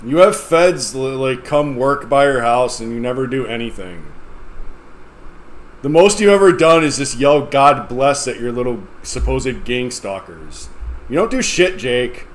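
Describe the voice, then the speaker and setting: Brief: man, slow, lively voice, mocking commentator who stammers, faint background noise. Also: mid-range voice. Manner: mocking, stammering, laughs at the clip. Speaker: stream commentator.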